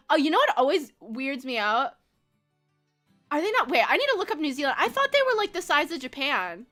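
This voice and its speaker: Young woman game streamer, high bright voice, rambly and giggly, casual swearing. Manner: bubbly, rambling, laughs often, swears casually. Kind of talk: casual live-stream chat while gaming.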